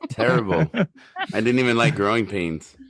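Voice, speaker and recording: A man's voice: medium pitch, very animated, a little slow, creaky, a bit bright, no echo. A man co-hosting a podcast, bantering and joking in a laid-back way. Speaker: podcast co-host. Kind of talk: casual chat.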